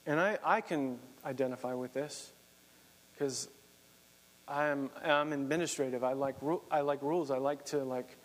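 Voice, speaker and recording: A man's voice: medium pitch, moderate pace, in a large hall. A man preaching a sermon, earnest, reading scripture aloud and explaining it. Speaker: pastor.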